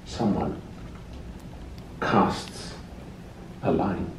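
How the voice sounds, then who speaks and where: A man reading his poetry aloud in a slow, measured recitation at a library event. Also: low-pitched, a little hiss or hum. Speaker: poet. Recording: echoey room, distant mic.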